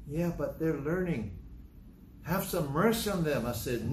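An older man preaching a sermon in a conversational, storytelling way, acting out dialogue with sudden jumps in pitch. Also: expressive, normal speed, long pauses, slight background noise. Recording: echoey room.

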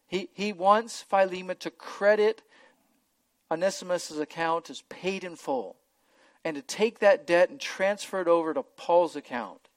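A man's voice: high-pitched, no echo. A man preaching an expository sermon, earnest and emphatic, often repeating words as he goes.

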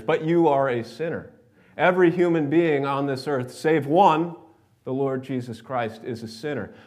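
A man's voice: mid-range voice, normal speed, a little mellow. Conversational American preacher man. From New York. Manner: conversational storytelling preacher, addresses congregation directly. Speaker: pastor. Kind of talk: sermon with scripture reading and prayer. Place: church sanctuary.

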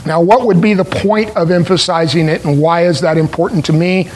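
A man preaching a sermon, explaining a scripture passage in a deliberate way with pauses. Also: sits high, rough recording. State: clearing his throat.

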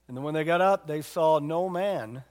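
A man's voice: fairly high pitch, normal speed, big-room sound. A man preaching a sermon in a conversational way, retelling a Bible story and asking his listeners questions. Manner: conversational, asks the congregation questions.

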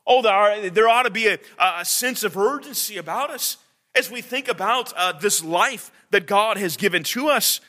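A man preaching a sermon, earnest and halting, with many fillers and restarts. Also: sits high, sharp tone.

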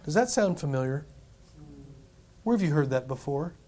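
A pastor delivers a lively sermon, his voice sitting a little higher than most men's. He reads scripture aloud in old-fashioned wording and chuckles as he explains it. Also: moderate pace. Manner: animated preaching, chuckles, quotes scripture in King James English.

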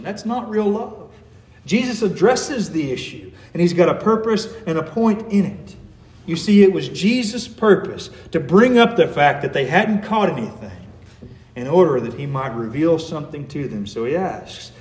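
A man preaching a sermon, earnest, growing emphatic and then softening on tender words. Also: sits high, animated, moderate pace, echoey room. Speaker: pastor.

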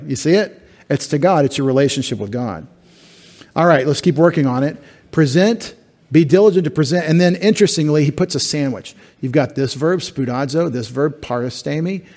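A middle-aged pastor, his voice a little high and a little mellow, delivers an expository sermon in a church sanctuary, walking through Greek words one step at a time with dry humor mixed in.

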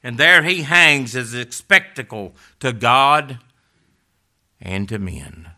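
A middle-aged man preaching a sermon, swinging between loud passionate stretches and hushed, almost whispered words. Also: mid-range voice, expressive, slow pace.

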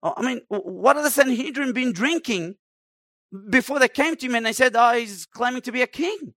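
Male preacher, high-pitched, emphatic sermon delivery, dry close recording. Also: expressive, normal speed, fairly bright tone, no room sound. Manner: emphatic, dramatic preaching with acted-out quotes.

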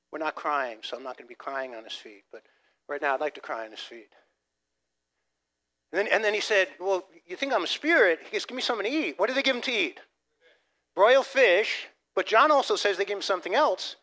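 Pastor guy preaching, high voice, lots of restarts, goes loud then real quiet. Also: a little fast. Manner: animated preaching, swinging from loud emphasis to soft, near-whispered asides; repeats words as he restarts phrases. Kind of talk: sermon.

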